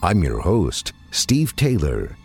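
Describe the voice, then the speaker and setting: A man hosting a horror story podcast, reading a scripted outro in a slow, ominous, deliberate way. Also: deep voice, huge pitch swings, creaky, darkish tone, faint music behind. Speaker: host.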